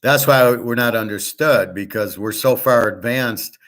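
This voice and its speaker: A man's voice: mid-range voice, a little slow, a bit bright. A man hosting a show in a casual, rambling monologue, blunt and profane, often restarting his sentences. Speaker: show host.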